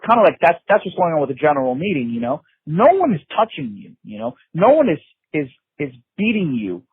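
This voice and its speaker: A man's voice: on the high side, big pitch swings, a little fast, slightly rough, no room sound. A middle-aged man recounting his past in an emphatic way, repeating himself and saying "you know" a lot, heard over a phone line. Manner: emphatic, repetitive, frequent "you know" and restarts. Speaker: interview guest. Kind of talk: intense personal recollection.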